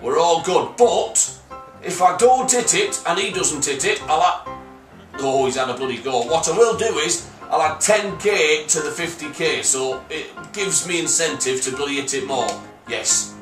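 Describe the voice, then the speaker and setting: Loud, swearing gamer lad. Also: male voice, fairly high pitch, moderate pace. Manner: crude, swearing, shouting in excitement. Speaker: gaming YouTuber. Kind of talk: excitable gameplay commentary. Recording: echoey, mic at a distance, music behind.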